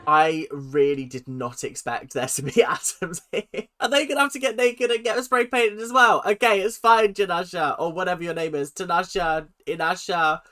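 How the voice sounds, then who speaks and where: British guy doing a chatty reaction vid, brightish voice, laughs and copies lines. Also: high-pitched, normal speed, hardly any pauses. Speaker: reaction video host. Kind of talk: casual reaction commentary.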